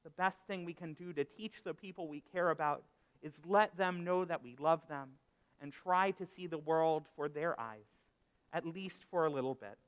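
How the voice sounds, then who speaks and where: A man's voice: a little high, smooth. A man, a rabbi, telling a parable and giving a sermon with dry humor at a live service. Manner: unhurried, expressive storyteller with dry humor. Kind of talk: sermon with storytelling. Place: synagogue sanctuary. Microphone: live service broadcast mic. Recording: echoey hall reverb, live broadcast.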